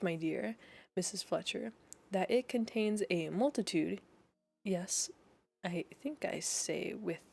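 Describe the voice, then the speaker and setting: A woman voicing a fussy, pompous elderly gentleman with long-winded, grandly formal speech, read aloud from a storybook. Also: medium pitch.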